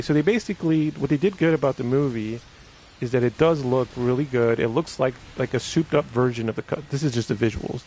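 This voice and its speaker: A man's voice: medium pitch, gravelly, a little mellow, a little hiss or hum. A man chatting casually on a live stream, rambling with many fillers and restarts while reading viewer comments.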